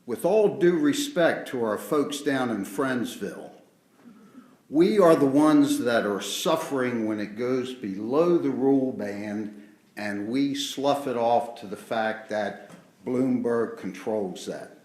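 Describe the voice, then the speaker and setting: A man's voice: medium pitch, lively intonation, slow pace, darkish tone. A man formally addressing officials at a public meeting, pressing his point firmly. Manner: formal, building to insistent. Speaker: resident speaking at public meeting. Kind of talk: public comment. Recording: echoey hall.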